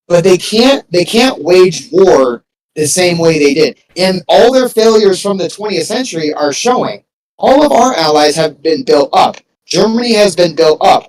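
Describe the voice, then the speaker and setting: A man's voice: a little high, distant mic, rough recording. A man in a casual political chat with a friend, rambling with lots of "like" and swearing casually.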